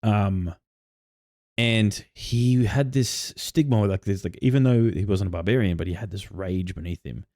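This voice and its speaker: Brief: male podcast co-host, very low voice, rambling, dry close mic. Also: unhurried, mellow, no room sound. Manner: rambling storyteller with many "like" fillers and restarts. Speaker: podcast co-host and game master. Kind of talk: casual chat about tabletop campaigns.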